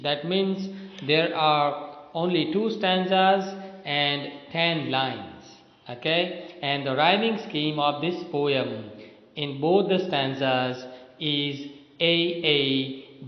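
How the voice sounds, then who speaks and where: A male literature lecturer with a slightly raised voice speaks at a slow, measured pace, padding his points with "you know" and "okay". His voice rings in a reverberant room on a dull, lo-fi recording. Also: on the high side. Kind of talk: classroom lecture explaining a poem.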